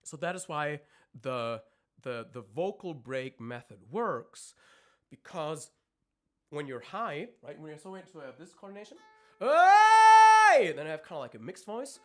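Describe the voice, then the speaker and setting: A man with a somewhat high speaking voice teaches vocal technique on a live stream. He explains in careful technical terms and now and then cuts in with belted or screamed demonstration notes. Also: expressive, moderate pace, fairly bright tone, faint music behind. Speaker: vocal coach.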